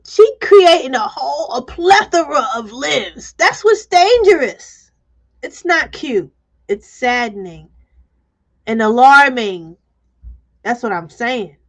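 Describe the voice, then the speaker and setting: A woman hosting a live stream, talking bluntly and emotionally and reading viewer comments aloud. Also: sits high. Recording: dull lo-fi stream audio.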